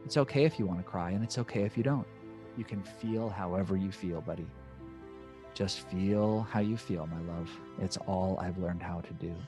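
A man hosting a podcast, reading a blog post aloud in a slow, measured way. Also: low voice. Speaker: podcast host. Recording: voice set back from the mic, music underneath. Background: music.

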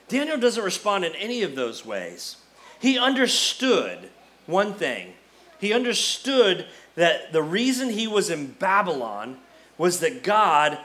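A man preaching a sermon as pastor, retelling a story with lively acted-out dialogue. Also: sits high. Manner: animated storyteller, acts out quoted characters.

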